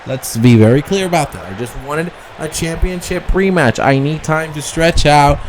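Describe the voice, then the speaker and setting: A man's voice: a little high, moderate pace, slight background noise, lightly acted. A man voicing a haughty, entitled woman wrestler who sneers at the crowd and whines about a rematch. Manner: sneering, whiny, insulting the crowd.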